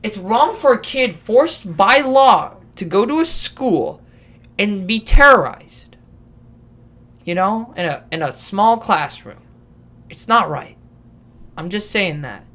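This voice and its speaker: A man's voice: sits high, expressive, slow pace, long pauses, pushed and bright. A young man in his late teens rambling through a casual podcast rant, swearing and restarting his sentences often. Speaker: vlogger.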